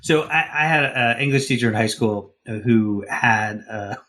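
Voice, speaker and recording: A man from the Deep South telling a story on a podcast, rambling with many fillers and restarts. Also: measured pace, fairly bright tone. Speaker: podcast co-host. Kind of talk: casual storytelling.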